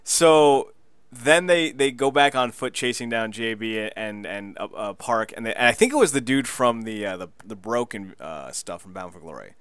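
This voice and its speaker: A man co-hosting a podcast, excitedly recapping a show in casual chat, laughing and swearing as he goes. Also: on the low side, normal speed, few pauses, smooth, no echo. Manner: excitable, laughing, profane storyteller. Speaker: podcast co-host.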